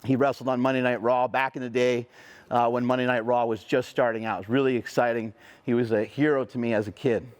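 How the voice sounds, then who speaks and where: A middle-aged motivational speaker tells a personal story in a profane, animated way. He talks fast, with a medium-pitched voice.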